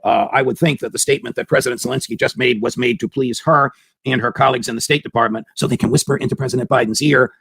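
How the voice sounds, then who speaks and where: A man's voice: mid-range voice, fairly even intonation, fast, creaky, fairly bright tone, husky, dry recording. A man hosting a political commentary show, giving an emphatic opinion monologue full of hammering rhetorical questions.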